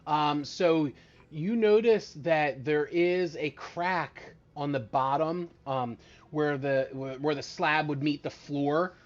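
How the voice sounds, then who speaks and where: A man acting as dungeon master on a live tabletop game stream, chatty and excitable with many fillers. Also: on the high side, slow. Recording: dull lo-fi mic.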